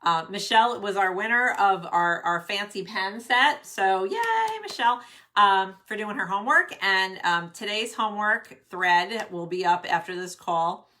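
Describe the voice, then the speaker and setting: A woman's voice: medium pitch, moderate pace, hardly any pauses, sharp tone. A middle-aged woman coaching careers on a casual live stream, bubbly and chatty, greeting viewers by name. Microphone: webcam at desk.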